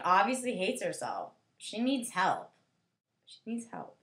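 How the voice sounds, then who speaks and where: A woman's voice: mid-range voice, big pitch swings, a little slow, fairly bright tone. A young woman giving a rambling, sarcastic book review, full of "like" fillers. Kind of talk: casual vlog book review.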